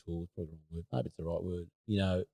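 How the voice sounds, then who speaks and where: Aussie host guy, very deep voice, rambling with lots of ums, dry sound. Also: steady tone, very fast, creaky, dark tone, dry recording. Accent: Australian. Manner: rambling, hesitant, full of fillers. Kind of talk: casual chat.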